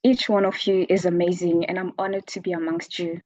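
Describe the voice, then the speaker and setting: A woman from South Africa, close to tears, gives a grateful acceptance speech on a video call. Her voice is low and flat. The audio is dull and dry. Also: a little fast, no room sound. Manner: emotional, near tears. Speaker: award winner.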